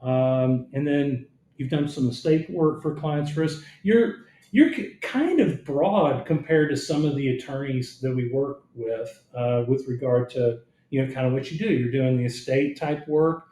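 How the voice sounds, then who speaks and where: A man's voice: mid-range voice, measured pace, hardly any pauses, mellow. A man hosting a podcast, chatting in a friendly, conversational way and reading out his guest's background. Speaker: podcast host. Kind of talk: casual podcast interview. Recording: roomy echo.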